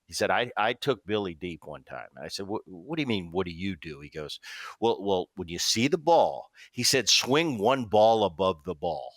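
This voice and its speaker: Male podcast host in his 50s, lowish voice, dry close mic, chatty storyteller. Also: normal speed, no room sound. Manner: storytelling, animated quoting. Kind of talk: casual interview chat.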